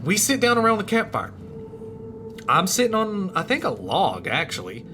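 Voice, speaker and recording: A man's voice: sits high, normal speed, music in the background. A man telling a true scary story in a casual, rambling way, his voice rising and dropping for suspense. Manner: animated, rambling, voice rises and drops with suspense.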